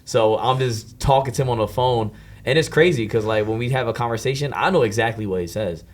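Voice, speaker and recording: A man's voice: medium pitch, a little fast. A young man chatting casually in a group, telling laid-back, slangy stories. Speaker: student or staff member.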